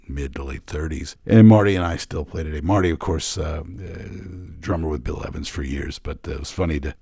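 A middle-aged man hosts a jazz radio show in an easygoing chat between records, pausing often. His voice is low and gravelly with a husky edge. The sound is dry and close. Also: dry recording. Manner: relaxed, conversational, with frequent uh pauses.

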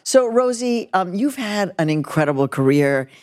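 A woman's voice: mid-range voice, very animated, normal speed, a little mellow. A woman hosting a live interview in front of an audience, chatty and joking. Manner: chatty, bubbly, joking, mixes in Spanish. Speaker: radio host. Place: live event space with an audience.

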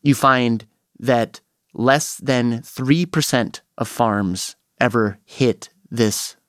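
A man hosting a story podcast, explaining findings in a clear, storytelling way. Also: mid-range voice, extremely slow, dry recording, clean studio sound. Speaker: podcast host and reporter.

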